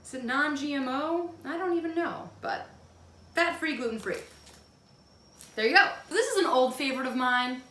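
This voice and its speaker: Midwestern woman in her thirties, chatty home vlogger, a bit high, roomy sound. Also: moderate pace, pauses often, fairly bright tone. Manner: chatty, self-deprecating, bursts into silly high voices. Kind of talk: casual monthly favorites vlog. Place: home room. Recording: echoey room.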